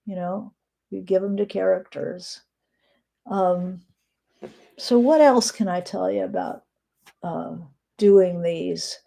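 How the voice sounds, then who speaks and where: A middle-aged woman teaching writing on a live stream, reading descriptive notes aloud with frequent pauses and fillers. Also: lowish voice, creaky, dark tone.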